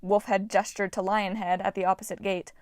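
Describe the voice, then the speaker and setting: A woman reading a fantasy novel aloud as an audiobook narrator, voicing characters in a lively way. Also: fairly quick, no echo. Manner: lively, voices characters with shouts. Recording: dry, low-quality home recording.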